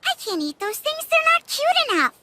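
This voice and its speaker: A woman voicing an excitable little village girl in an anime dub, bubbly and exclamatory. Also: extremely high pitch, fairly quick, very noisy. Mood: pouting. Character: cheerful little village girl, excitable, fond of cute things.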